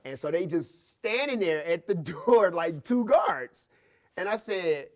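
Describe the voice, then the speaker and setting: Animated storytelling man. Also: slow. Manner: animated storyteller, acts out dialogue with big pitch jumps. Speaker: teacher and podcast guest. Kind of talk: storytelling in a podcast interview.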